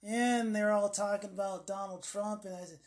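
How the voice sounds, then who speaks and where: A man's voice: high voice, steady tone, moderate pace. A man co-hosting a podcast in casual chat, telling rambling stories that trail off. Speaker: podcast co-host.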